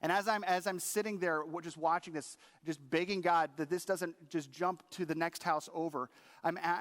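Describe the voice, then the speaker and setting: A man's voice: high voice, fairly bright tone. A middle-aged man preaching a sermon as a pastor, telling a personal story earnestly and quoting himself and his wife in changed voices.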